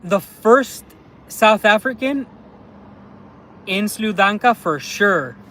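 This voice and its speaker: A man livestreaming on his phone as he walks around town outdoors, chatting casually and excitably, rambling with lots of fillers. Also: high voice, slow pace, a little hiss or hum. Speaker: vlogger livestreaming. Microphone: handheld phone livestream.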